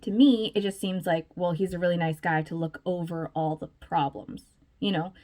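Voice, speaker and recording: A woman's voice: fairly low pitch, fairly even intonation, normal speed, mellow. A woman vlogger giving casual, chatty commentary, full of fillers and little laughs.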